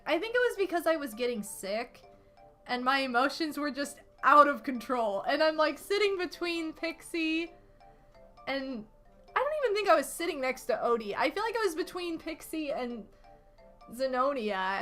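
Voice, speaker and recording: A young woman streaming a video game from home, chatting casually and telling stories to her viewers in an animated, rambling way. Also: high voice. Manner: chatty, animated storytelling with lots of "like" and laughs. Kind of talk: casual gaming stream chat. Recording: game music faintly behind.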